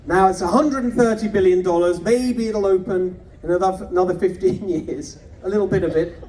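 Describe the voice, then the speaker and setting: Guy with a high voice doing a campaign rally speech outdoors, sarcastic and punchy, mic kinda far off, faint noise behind. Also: a little fast, warm tone. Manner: punchy, mocking, rhetorical questions. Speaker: political candidate.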